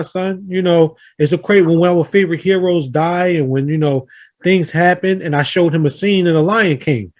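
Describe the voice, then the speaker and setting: A man hosting a round table talk, earnestly telling a family story and acting out the quotes. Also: on the high side. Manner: earnest, animated storyteller who acts out quotes. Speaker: host of a round table discussion. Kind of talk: casual storytelling in a group talk.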